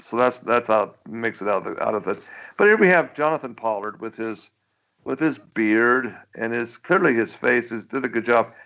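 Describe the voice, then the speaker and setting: A man's voice: mid-range voice, lively intonation, normal speed, fairly bright tone. A male radio host in casual chat who stammers and restarts often and chuckles as he talks, over muffled lo-fi radio audio.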